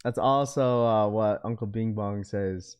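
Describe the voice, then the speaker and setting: Chatting casually on his live stream, a young host uses plenty of slang and laughs frequently with viewers. He speaks in a smooth, lowish voice with a darkish tone and an unhurried pace.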